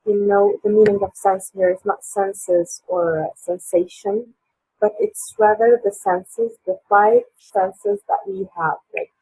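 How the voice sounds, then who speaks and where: A woman's voice: mid-range voice, dark tone, husky, no room sound. A woman teaching a live online English class, hesitant and full of fillers, over dull lo-fi call audio. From Tunisia.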